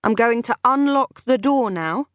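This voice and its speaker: A woman's voice: on the high side, expressive, a little slow, no echo, voice pushed up. Woman voicing a scornful young female captor. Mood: warning. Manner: scornful and defiant, hissing when angry. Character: scornful, frightened young woman holding a captive.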